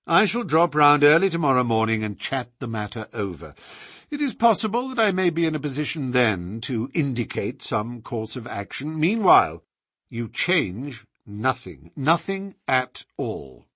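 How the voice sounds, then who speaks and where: A man voicing a calm, incisive middle-aged detective who speaks in a measured, commanding way. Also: medium pitch, breathy edge, dry recording. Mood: firm.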